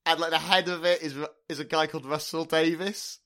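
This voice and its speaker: A man's voice: on the high side, fairly even intonation, fairly quick, a bit bright. A man co-hosting a comedy podcast, rambling through jokes and laughing often. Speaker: podcast co-host.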